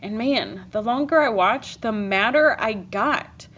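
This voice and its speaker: A woman teacher reading a novel aloud to her class, expressive with dry comic timing. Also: on the high side, unhurried, a little hiss or hum.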